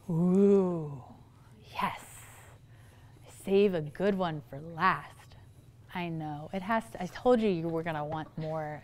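A middle-aged woman therapist giving a humorous, chatty talk to parents, acting out the people she quotes. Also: mid-range voice. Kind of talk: lively talk to an audience of parents.

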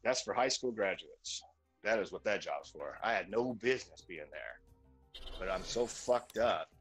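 A man's voice: sits low, normal speed, soft background music, poor audio. A man in his forties venting bluntly in casual chat while streaming, full of swearing. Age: 40s. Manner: profane, blunt, animated venting.

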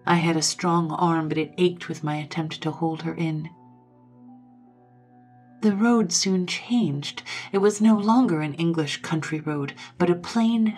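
A woman with a low-set voice reads a ghost story aloud in a dramatic, scripted style. She sometimes drops to a hushed whisper, and soft music plays underneath.

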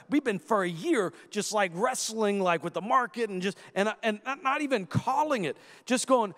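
A man in his thirties preaching a sermon, telling a family story in an animated way, acting out the voices and rising to shouts. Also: sits high, measured pace. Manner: animated storyteller who acts out quoted voices and rises to shouts. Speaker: guest preacher. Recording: long echoing hall reverb.

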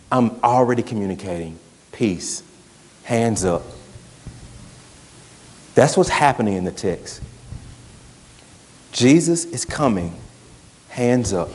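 A male pastor preaches at a mid-range pitch, talking to the congregation plainly and building emphasis through repeated phrases. His voice carries the long reverb of a church sanctuary. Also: darkish tone. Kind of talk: sermon.

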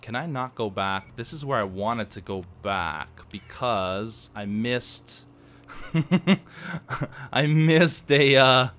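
A man's voice: mid-range voice, lively intonation, slow, fairly bright tone, a little hiss or hum. A man in his thirties giving casual, playful gameplay commentary with joking asides. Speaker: let's play host.

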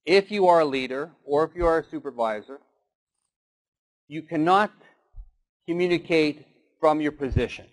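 A man's voice: on the high side, moderate pace, long pauses, low-quality recording. A man giving a motivational keynote talk, telling stories and doing short animal voices. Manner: storytelling with acted animal voices. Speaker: keynote speaker.

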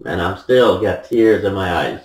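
A man's voice: sits low, lively intonation, moderate pace, a little mellow, echoey room, recorded from a distance, low-quality recording. A man recapping his own video game match in a mock sideline reporter style, emotional and laughing. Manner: emotional, laughing, half-joking reporter act.

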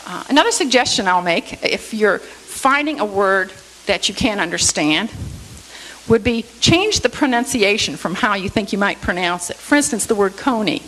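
A woman's voice: mid-range voice, lively intonation, normal speed, fairly bright tone, slight background noise, low-quality recording. A woman giving a Bible lesson in a church, explaining points step by step and often checking in with "okay?". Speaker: Bible teacher.

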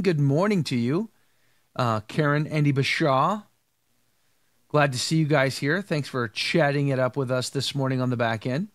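A man's voice: fairly high pitch, dry recording, studio quality. Nasal, congested man hosting a livestream. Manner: chatty, greets viewers one by one, jokey. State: congested from allergies, tired. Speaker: host of a live news show. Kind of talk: casual live-stream chat.

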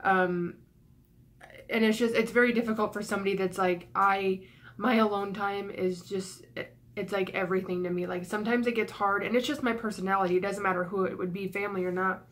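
A young woman venting to her camera in an emotional vlog rant. She sounds flustered and out of breath, rushing her words between sighs and swearing. She is stressed and close to tears, with her voice cracking. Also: medium pitch, steady tone, a bit bright. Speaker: YouTuber.

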